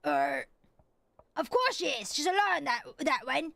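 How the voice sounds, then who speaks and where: A woman voicing a gravelly defiant dwarf foreman. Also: high-pitched, animated, unhurried, fairly bright tone, dry recording, heavily acted. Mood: gruff. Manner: blustering, dismissive. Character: gruff older male dwarf foreman, defiant. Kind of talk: reading game dialogue aloud in character.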